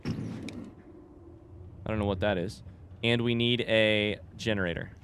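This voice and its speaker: A man's voice: fairly low pitch, fairly even intonation, a little slow, fairly bright tone, slight background noise. A young man casually chatting and joking while playing through a game. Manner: chatty, joking, yelps when startled. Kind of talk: casual gameplay commentary.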